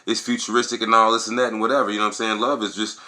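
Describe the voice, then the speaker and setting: A man's voice: fairly low pitch, flat delivery, very fast, bright, forceful tone. A man talking casually on camera, giving a rambling, profane opinion monologue and acting out quotes with animation. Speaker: video blogger.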